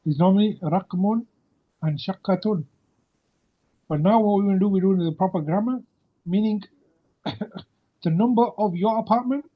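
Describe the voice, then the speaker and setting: A man's voice: high voice, normal speed, long pauses. A man teaching an Arabic grammar lesson over a video call, patiently quizzing his student. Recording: muffled video-call audio.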